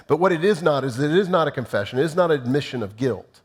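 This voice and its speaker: A man's voice: a little high, animated, fast talker, few pauses, breathy edge. A man preaching a sermon, teaching in numbered points and briefly acting out sample apologies. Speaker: pastor.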